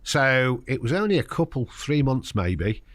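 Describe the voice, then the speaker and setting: A man's voice: mid-range voice, sing-song, unhurried, dry recording. An older man, a podcast guest, tells a personal story frankly and acts out the voices of the people in it. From United Kingdom. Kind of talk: candid conversational storytelling.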